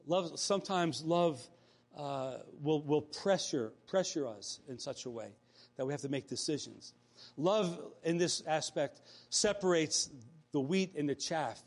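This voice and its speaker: A man with a high-pitched voice preaches a morning sermon. He talks in a relaxed, conversational way, restarting phrases and slipping into quoted dialogue. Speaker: pastor.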